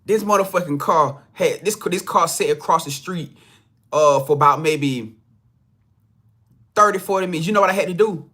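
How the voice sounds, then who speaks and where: A man's voice: a little high, normal speed, pauses often, pushed and bright, breathy edge. A man hosting a spiritual reading channel, telling a story to his viewers in a casual, emphatic, heavily profane way, often repeating himself. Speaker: spiritual reader, channel host.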